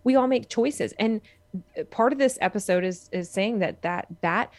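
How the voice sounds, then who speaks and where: A woman's voice: medium pitch, normal speed, no echo. A woman co-hosting a podcast in casual chat, earnest and emphatic, repeating phrases for stress. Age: adult with a young son. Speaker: podcast co-host.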